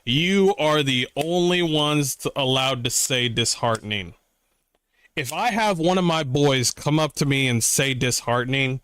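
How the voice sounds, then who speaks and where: Brief: male streamer, slightly high voice, dry close sound, swears constantly, fired-up reaction talk. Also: unhurried, no echo. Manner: excitable, swears often, mocks with voices. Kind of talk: profane reaction commentary. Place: his room.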